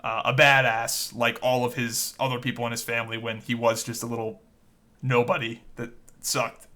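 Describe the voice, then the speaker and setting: A man with a bright, sharp-edged voice chatting casually on a podcast. He swears freely and circles through restarts as he makes his points. His talk sounds loose and unpolished. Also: mid-range voice, level tone, normal speed. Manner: loose and profane, rambling with restarts. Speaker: podcast co-host. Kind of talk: casual chat.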